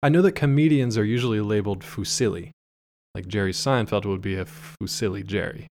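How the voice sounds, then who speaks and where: A man's voice: on the low side, a little fast, a little mellow, slight background noise. A man co-hosting a casual podcast chat, joking and playful. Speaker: podcast co-host.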